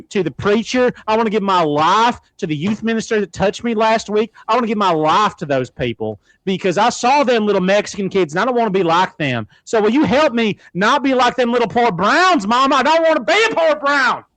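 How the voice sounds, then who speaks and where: A man's voice: high-pitched, animated, moderate pace, fairly bright tone, no room sound, low-quality recording. A man voicing an earnest churchgoing teenage boy who pleads with his mother in a whiny, rising voice. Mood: pleading.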